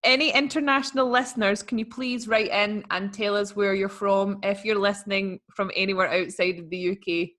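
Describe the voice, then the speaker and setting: A woman's voice: mid-range voice, steady tone, moderate pace, few pauses, a bit bright. A young woman co-hosting a podcast in casual chat, rambling through stories with lots of fillers. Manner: chatty, rambling storyteller, many "like" fillers. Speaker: podcast co-host.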